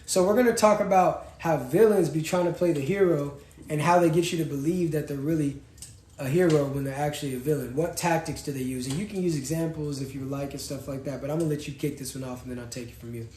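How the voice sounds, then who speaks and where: A young man, co-hosting a casual live-stream chat in an animated, slangy way. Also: fast. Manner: animated, slangy, jumps from loud to low. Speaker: podcast co-host. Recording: roomy echo, faint noise.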